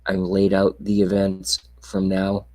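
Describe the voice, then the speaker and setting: A man's voice: sits low, monotone, measured pace, a little mellow, poor audio. A man hosting a casual live-streamed rant, talking to his chat, sarcastic and profane, sometimes dropping into a whisper. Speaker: livestream host. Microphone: webcam mic.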